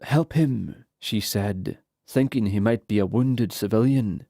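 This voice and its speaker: A man reading fantasy narration for an audiobook in a measured, unhurried way. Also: fairly low pitch, warm tone, dry recording, studio quality.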